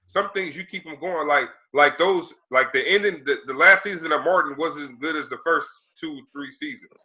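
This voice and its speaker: A man's voice: fairly high pitch, bright, forceful tone, low-quality recording. A man hosting a podcast, chatting easygoing with a guest and agreeing with him often. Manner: easygoing, quick agreeing interjections. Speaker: podcast host. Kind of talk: casual podcast chat.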